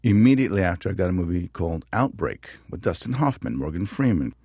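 A middle-aged man from New Mexico, an actor guest telling animated stories in an interview. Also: deep voice, fast talker, husky, no room sound. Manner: animated storyteller, acts out voices. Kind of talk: interview conversation.

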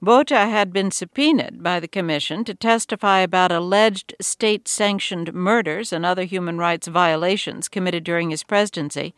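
News anchor, scripted intro, crisp formal read, dry sound. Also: mid-range voice, a bit bright, no echo.

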